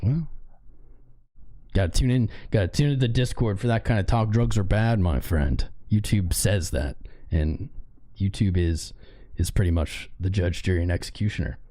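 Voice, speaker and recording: A man with a hoarse, worn-out voice hosting a livestream, loosely and playfully calling out viewers by name. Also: fairly low pitch, dark tone. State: hoarse, voice mostly gone. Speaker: crypto trading livestream host. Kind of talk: casual livestream chat.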